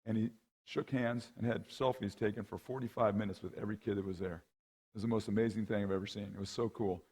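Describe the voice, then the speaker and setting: Husky-voiced middle-aged male coach speaking. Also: fairly low pitch, fast. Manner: conversational, keeps asking "right?" and "okay?"; lively, acts out the people in his anecdotes. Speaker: guest speaker and rowing coach. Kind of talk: storytelling talk at a men's conference.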